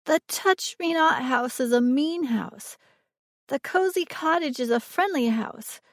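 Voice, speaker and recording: A woman voicing a wary, blunt four-year-old girl with a high child's voice. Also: measured pace, no echo, clean studio sound.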